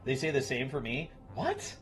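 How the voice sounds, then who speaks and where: A man in his late thirties talks casually from home, blunt and quick to swear as he answers his viewers. His voice sits at an ordinary middle pitch. Music plays clearly behind him. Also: huge pitch swings. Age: 30s. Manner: blunt, profane, talks to chat. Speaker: streamer.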